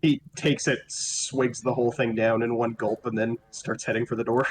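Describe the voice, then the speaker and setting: A man's voice: mid-range voice, little pitch movement, normal speed, background noise. A man playing a tabletop role-playing game, chatting casually in and out of character. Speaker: player.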